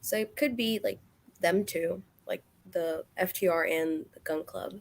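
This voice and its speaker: A woman's voice: on the low side, unhurried, creaky. A woman co-hosting a casual late-night chat, talking hesitantly with many fillers.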